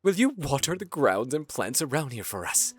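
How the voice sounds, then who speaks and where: A man voicing a lonely, hopeful survivor figure in a game playthrough, in a sing-song, drawn-out manner. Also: mid-range voice, big pitch swings, soft background music, lightly acted. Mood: delighted. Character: lonely hopeful survivor creature of a ruined world.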